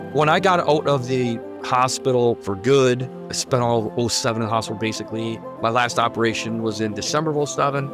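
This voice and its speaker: Fast-talking man telling his testimony. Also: medium pitch. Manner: earnest, vivid, emphatic retelling. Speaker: guest sharing a near-death testimony. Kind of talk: personal testimony storytelling.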